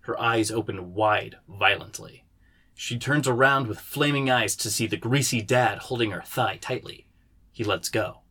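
A man, the writer, reading the stage directions of his screenplay aloud in a steady way. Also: mid-range voice, a little slow, slightly rough.

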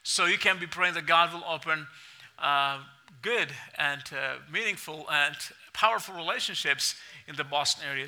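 A man's voice: a little high, sharp tone. A man with an Indian accent preaching a sermon in a church and reading scripture aloud in an earnest way, repeating phrases. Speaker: pastor.

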